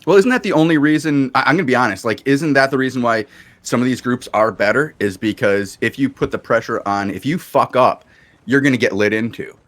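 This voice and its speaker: A man hosting a casual chat, telling an animated story from an online game. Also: medium pitch, brisk, no room sound.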